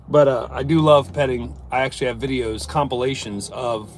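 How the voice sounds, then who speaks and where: A man's voice: mid-range voice, fast talker, hardly any pauses, slight background noise. A man who works as a service plumber chatting casually on a live stream from inside his work van, reading viewer comments and joking loosely.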